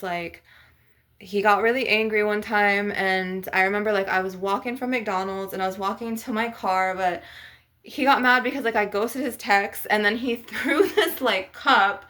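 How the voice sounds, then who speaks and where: A woman's voice: medium pitch, a bit bright. Rambling woman telling a personal story. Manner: rambling, heavy use of "like" and fillers; laughs through painful memories. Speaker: ASMR channel host.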